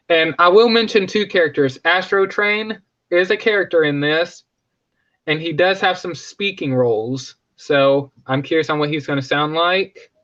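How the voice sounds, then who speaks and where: A man's voice: on the high side, a bit bright, muffled recording. A man hosting a casual live stream, rambling, joking and correcting himself as he talks.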